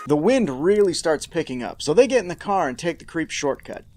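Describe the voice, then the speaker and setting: A man's voice: on the high side, big pitch swings, brisk, darkish tone, faint music behind. A man hosting a podcast, recapping a horror episode with sarcastic, mock-outraged asides. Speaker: podcast host.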